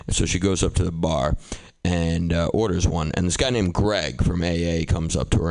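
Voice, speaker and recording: A man's voice: sits low, no room sound. A man from doing a stand-up comedy set, telling a story animatedly and laughing at his own jokes. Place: comedy club stage.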